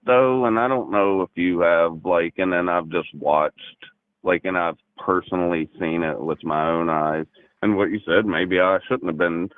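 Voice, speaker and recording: A man's voice: sits low, clean tone. A man arguing on a call, hesitant and defensive, stumbling over restarts. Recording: tinny phone line.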